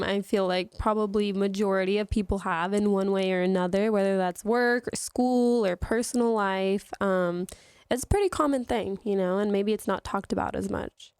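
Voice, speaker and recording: A woman hosts a casual podcast, relaxed as she explains and asks her guests questions. Her voice is smooth and clear, with a dry, close sound. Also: mid-range voice, normal speed, dry recording. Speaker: podcast host.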